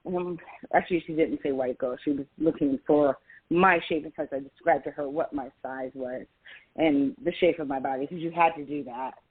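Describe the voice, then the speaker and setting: A woman's voice: low voice, moderate pace, slightly rough. Valley girl-sounding woman on a tinny line. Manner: animated, laughing storyteller with a Valley girl way of talking. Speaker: podcast guest. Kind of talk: storytelling in a casual interview.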